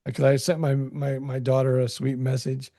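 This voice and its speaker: A man's voice: mid-range voice, monotone, normal speed, warm tone, dry recording, clean studio sound. A male podcast co-host in casual chat, rambling with stammered restarts.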